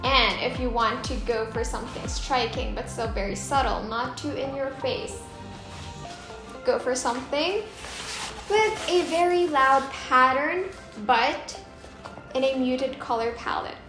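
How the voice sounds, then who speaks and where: A woman from the Philippines with a slightly high voice hosts a home design vlog. She talks to camera with chatty enthusiasm as she describes her choices. The room is echoey, and music plays underneath. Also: a little slow. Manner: enthusiastic, shows off samples with a chatty, descriptive flow. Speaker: interior designer and vlog host. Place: home under renovation, indoors. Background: background music, occasional banging.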